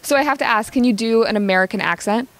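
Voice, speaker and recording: A woman's voice: on the high side, quick pace, no room sound. A woman hosting an entertainment show, interviewing an actor in a bubbly, encouraging way. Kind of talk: casual interview.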